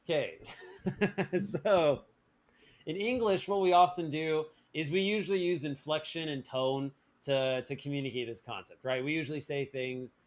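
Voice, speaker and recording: A man with a fairly high voice runs a live-streamed grammar lesson. He jokes and teases his viewers, restarting sentences and leaning on fillers as he explains. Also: unhurried. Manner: playful, joking, with many fillers and restarts. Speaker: language teacher.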